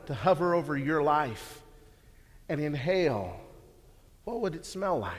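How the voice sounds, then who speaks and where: A man preaching a sermon, earnest and full of rhetorical questions, often repeating words as he restarts. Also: a little high. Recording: long hall reverb.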